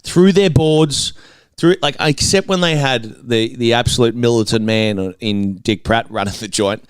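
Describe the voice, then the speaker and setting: An Australian man in his twenties co-hosts a casual football podcast, trading dry, teasing banter about footy. His mid-range voice is clear and resonant, his pace unhurried, and the recording is dry.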